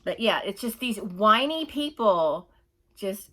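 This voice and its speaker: A woman's voice: medium pitch, animated, slow, bright, forceful tone. A woman ranting in a casual opinion monologue, rambling and exasperated, mocking others with whiny put-on voices. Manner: rambling, exasperated, laughs while telling stories. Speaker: vlogger.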